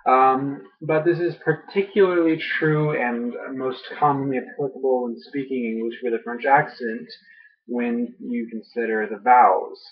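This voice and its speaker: A man's voice: mid-range voice, fairly even intonation, a little slow. A young man vlogging casually, groggy after dental work, rambling with many ums and uhs. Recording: muffled lo-fi home audio.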